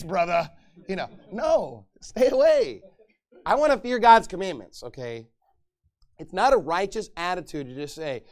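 High-voiced animated male preacher. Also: moderate pace. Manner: animated preaching, acts out quoted voices, laughs. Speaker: pastor. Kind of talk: sermon.

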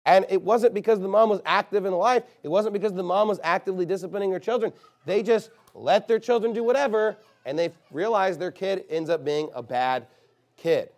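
Delivering a sermon, this man alternates quiet, low stretches with loud, forceful bursts, easing his pace whenever he wants a phrase to land.

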